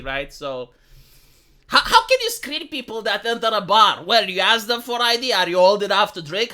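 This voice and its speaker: Commentary streamer, sarcastic and rambling, pitch swooping up and down a lot. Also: sharp tone. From Romania. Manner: rambling and sarcastic, heavy on fillers. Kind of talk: casual commentary vlog.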